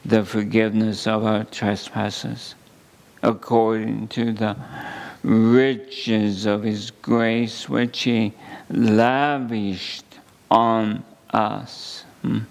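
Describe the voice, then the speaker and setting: A man preaching a sermon, reading scripture slowly and deliberately with emphatic pauses. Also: fairly low pitch, level tone, vocal fry. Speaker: pastor.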